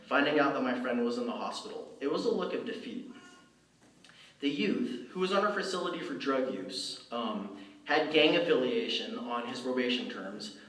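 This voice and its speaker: A man's voice: mid-range voice, fairly bright tone. A man giving a personal storytelling talk in a church, speaking conversationally with many fillers and restarts. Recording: roomy, from far off.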